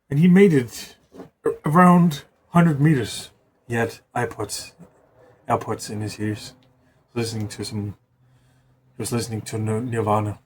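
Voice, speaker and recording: A man's voice: medium pitch, a little hiss or hum. A man improvising a rambling, profanity-laced story in a casual way, often restarting words.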